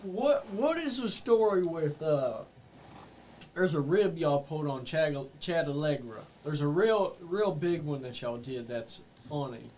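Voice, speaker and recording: A man's voice: fairly high pitch, lively intonation, unhurried, darkish tone, slight background noise. A man hosting a casual podcast, prompting his guest with questions and laughing along. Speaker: podcast host.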